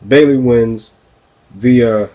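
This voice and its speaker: A man's voice: mid-range voice, drawn-out words, warm tone. A man hosting a wrestling review podcast, ranting casually and profanely with frequent laughs. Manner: profane, exasperated, laughs often.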